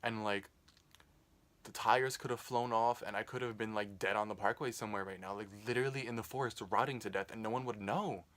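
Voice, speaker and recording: A man's voice: on the low side, steady tone, fairly quick, fairly bright tone. A young man casually telling a rambling, profane storytime, full of "like". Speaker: vlogger.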